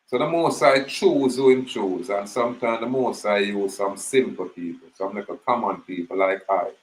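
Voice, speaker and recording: A man's voice: lowish voice, rough recording. A man from Jamaica with a Jamaican Patois accent, talking in a loose, rambling monologue and telling stories. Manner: rambling, animated storytelling in Patois. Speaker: channel host. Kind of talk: casual monologue.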